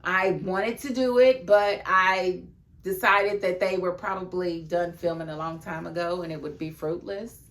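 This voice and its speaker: A woman giving a casual video review of a TV episode, talking emphatically and laughing often, then dropping into a lower, confiding tone. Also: a little slow. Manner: emphatic and animated, with frequent laughs; chatty, drops into a low, confiding tone.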